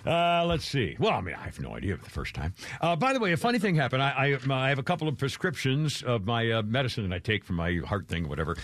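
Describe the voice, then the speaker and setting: Lively, rambling male radio host. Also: fast, hardly any pauses, no echo. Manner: rambling, chuckling, wide swings of pitch. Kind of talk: casual talk radio banter.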